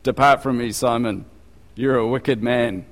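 Man doing a harsh lord's rebuke: slow, emphatic, long reverb. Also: mid-range voice, steady tone, close to an everyday voice. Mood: stern.

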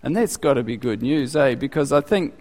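A man preaching a sermon as pastor in a conversational, animated way, his voice climbing when he acts out questions. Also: a little fast. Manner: conversational, animated, rising in pitch for quoted questions. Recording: long reverb of a large hall.

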